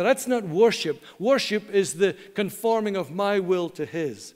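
Middle-aged male pastor preaching, fairly high voice, earnest with dramatic pauses, long church-hall reverb. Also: expressive, darkish tone. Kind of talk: sermon.

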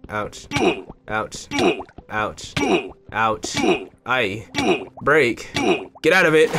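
A young man giving casual, joking gameplay commentary to his viewers. He swears freely and bursts into excited yelps. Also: fairly low pitch, background noise. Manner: chatty, talks straight to viewers. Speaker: gaming YouTuber.

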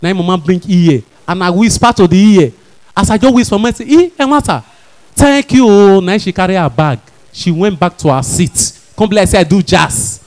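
A young man with a Nigerian accent doing stand-up comedy, telling stories in lively Pidgin and jumping his pitch to play the people in them. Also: fairly quick. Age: young adult. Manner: lively storytelling, voicing characters in jumps of pitch.

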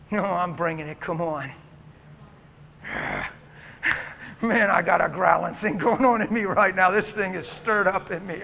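Impassioned high-voiced male preacher in a church. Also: slow pace, creaky, long pauses. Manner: impassioned storytelling, swinging from hushed whispers to shouts. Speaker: guest preacher. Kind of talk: sermon. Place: church sanctuary. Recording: reverberant church hall, faint noise.

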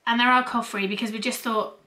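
A woman's voice: fairly high pitch, steady tone, fast talker, bright, forceful tone. A young woman, chatting casually to camera in a home vlog, a little stuffy from a cold and rambling with fillers. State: slightly congested from a cold. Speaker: vlogger.

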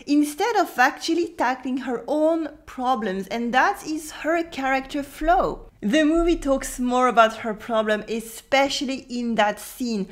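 A French woman from France teaches spoken French in a scripted video lesson, fairly high in pitch. She explains calmly and slows down to demonstrate each pronunciation.

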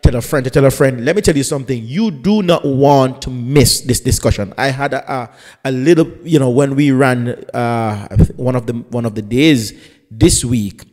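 A man with a dark, mellow voice hosts a live radio talk show, chatting and teasing his guest as he rambles through asides. His voice carries a long, ringing reverb. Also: medium pitch, moderate pace. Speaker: pastor and radio show host.

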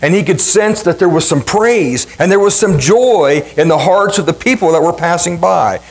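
Emphatic preaching man, higher voice. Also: normal speed, rough recording. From Ohio, USA. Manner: emphatic preaching with dramatic repetition and wide swings in pitch. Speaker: pastor. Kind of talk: sermon.

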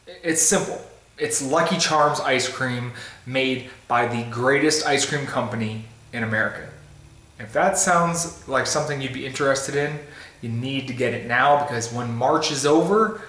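Excited man reviewing food, roomy echo. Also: mid-range voice. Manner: upbeat, playful and excited; tasting ice cream while talking. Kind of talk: casual vlog review.

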